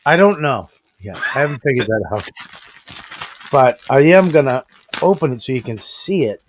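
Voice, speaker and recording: A man's voice: medium pitch, animated, normal speed, slight background noise. A man co-hosting a podcast, telling stories in a boisterous, profane way. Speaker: podcast co-host. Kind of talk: casual chat.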